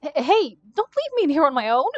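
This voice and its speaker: A woman voicing a shrill, panicked young woman. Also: very animated, brisk, no echo, muffled recording, faint music behind. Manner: shrill, jittery, on the verge of tears. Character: panicked young woman who found a body.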